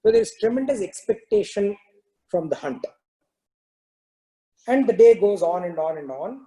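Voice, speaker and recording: A man telling a parable during a spiritual talk, in a relaxed storytelling manner with many "you know" fillers. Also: sits high, unhurried, low-quality recording. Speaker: spiritual discourse teacher.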